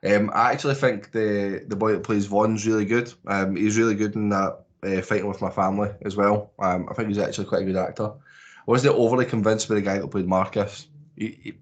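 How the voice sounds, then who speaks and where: A man's voice: on the low side, fairly even intonation, fairly quick, muffled recording. A Scottish man co-hosting a podcast, reviewing a movie in casual, rambling chat with lots of swearing and restarts. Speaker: podcast co-host.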